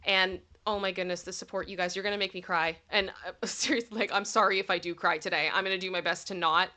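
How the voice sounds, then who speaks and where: Bright-voiced woman hosting a livestream. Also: lowish voice, steady tone, fast. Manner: chatty, thanks viewers by name, gets giggly. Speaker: livestream host. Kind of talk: casual livestream chat.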